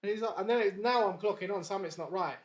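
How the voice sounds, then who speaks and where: A man with a fairly high voice tells a story as a guest in a casual podcast chat. He is animated and laughs often. He acts out each quoted line of dialogue. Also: quick pace.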